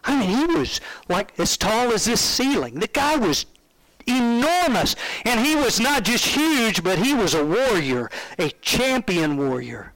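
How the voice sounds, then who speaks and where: A male preacher delivers a sermon in an animated, conversational storytelling manner and often questions his listeners. His voice sits high. The sound is dry and close. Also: measured pace, no room sound, poor audio.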